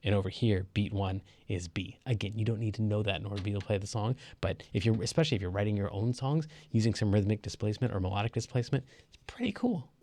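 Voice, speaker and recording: A man's voice: on the low side, steady tone, rapid-fire, few pauses, warm tone, no echo. Chatty male piano teacher. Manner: loose and chatty, with fillers. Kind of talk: casual online lesson. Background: piano playing.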